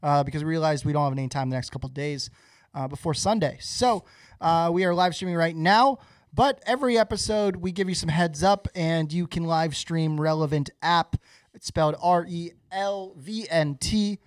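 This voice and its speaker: A man hosting a podcast, reading sponsor spots in a relaxed, halting way with many fillers. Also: on the high side, no room sound, clean studio sound. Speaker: podcast host. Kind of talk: casual podcast ad read.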